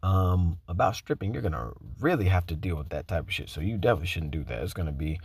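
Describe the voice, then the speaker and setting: Gravelly-voiced man telling a classroom story. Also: fast talker. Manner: animated, profane, acts out quotes in a higher voice. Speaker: teacher. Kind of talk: casual storytelling.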